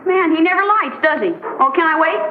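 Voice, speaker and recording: A woman's voice: extremely high pitch, fast talker, reverberant, a little hiss or hum. A bubbly teenage girl. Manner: bubbly, breathless, girlish. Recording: tinny old TV sound with audience laughs.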